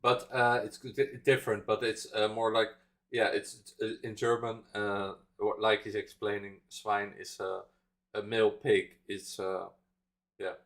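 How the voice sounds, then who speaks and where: A man's voice: lowish voice, level tone, measured pace, a bit bright. A man with a Dutch accent chatting casually as a reaction streamer, rambling through explanations with many fillers and chuckles. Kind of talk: casual live reaction chat.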